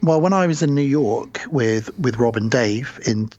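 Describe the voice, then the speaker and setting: A man's voice: mid-range voice, lively intonation, unhurried, a little mellow, soft background music. An English man co-hosting a podcast, telling stories in a wry, rambling way. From England. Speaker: podcast co-host. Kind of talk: casual chat. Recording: dull lo-fi sound.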